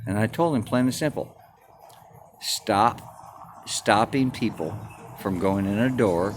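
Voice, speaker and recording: A man's voice: lowish voice, takes it slowly, long pauses, noisy background. A man telling a story in a crude, defiant, boastful rant, swearing constantly. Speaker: vlogger.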